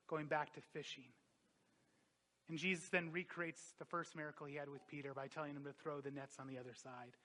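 Impassioned high-voiced male pastor. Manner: impassioned, swings between loud emphatic peaks and quiet reflective drops. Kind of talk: sermon.

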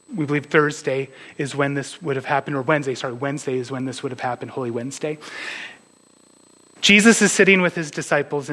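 A man's voice: on the high side, a bit bright, poor audio. A man preaching a conversational sermon as pastor, dropping to a near whisper at tender moments.

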